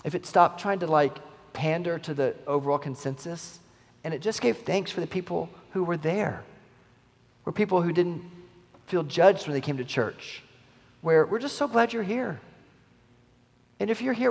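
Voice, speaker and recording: A male pastor delivers an earnest, conversational sermon. His voice sits a little high with a gravelly edge, and long reverb from the church hall trails after each phrase. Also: moderate pace. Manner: earnest, conversational preaching with rising emphatic quotes. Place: church sanctuary.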